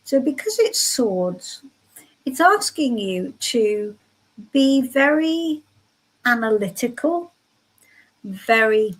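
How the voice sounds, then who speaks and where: A woman's voice: fairly high pitch, fairly bright tone, low-quality recording. A woman giving soothing, reassuring tarot readings on a live stream from home. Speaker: tarot reader.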